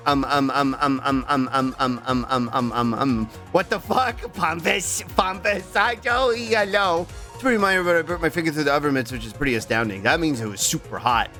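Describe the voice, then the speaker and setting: A young man chatting casually with his stream viewers, rambling with strings of filler ums and jumping to a squeaky high voice when thanking subscribers. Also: fairly bright tone. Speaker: live streamer.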